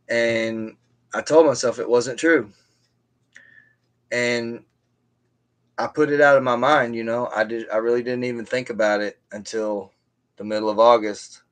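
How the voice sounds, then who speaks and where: A man's voice: medium pitch, steady tone, unhurried, pauses often, fairly bright tone. A man on a live stream telling a story from his own life in a casual, rambling way, with many restarts and side remarks. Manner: rambling, with frequent restarts and asides.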